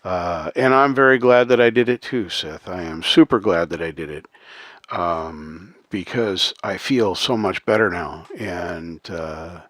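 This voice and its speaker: A man's voice: low voice, measured pace, fairly bright tone, no room sound, studio quality. A man hosting a casual livestream, talking earnestly to his chat with many ums and uhs and frequent chuckles. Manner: chuckles often, reads out chat names. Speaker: livestream host.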